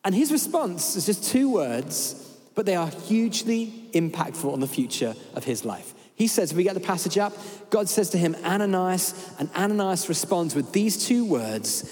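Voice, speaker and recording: This is a man preaching in a large church hall, animated and humorous, often acting out little scenes. His voice sits high and swings widely in pitch. Every phrase rings out with a long reverberant tail from the hall. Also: normal speed. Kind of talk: sermon.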